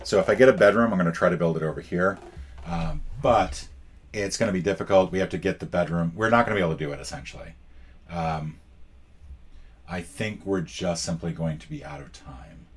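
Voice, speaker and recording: A man's voice: sits low, fairly quick, breathy edge. A man playing a solo board game and commenting as he goes, wry and self-mocking, thinking aloud and counting out spaces. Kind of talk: casual playthrough commentary.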